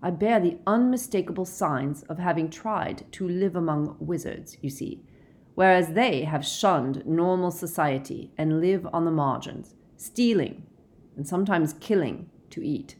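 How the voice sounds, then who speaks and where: Woman voicing a weary, gentle werewolf man. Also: fairly low pitch, natural voice. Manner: measured, gentle, reasoning. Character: calm weary middle-aged male werewolf teacher. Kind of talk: audiobook character reading.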